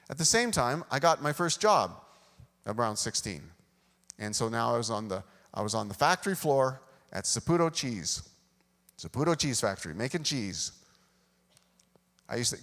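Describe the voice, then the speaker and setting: A pastor preaches a sermon in a church sanctuary, his medium-pitched voice brisk, expressive and slightly bright. He tells a self-deprecating story from his own life and acts out the dialogue. A long hall reverb trails his words.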